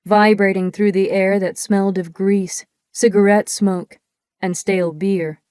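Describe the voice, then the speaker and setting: Woman reading an audiobook, steady descriptive telling, middle-pitched, super dry close mic. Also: smooth, no room sound. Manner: measured, descriptive storytelling. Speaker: audiobook narrator. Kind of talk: first-person audiobook narration.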